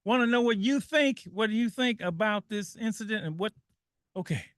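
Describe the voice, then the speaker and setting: A man with a high, bright voice hosts a call-in radio show. He talks in an animated way, reads quotes aloud and laughs often. The sound is dry and close on a studio mic. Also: moderate pace, no room sound.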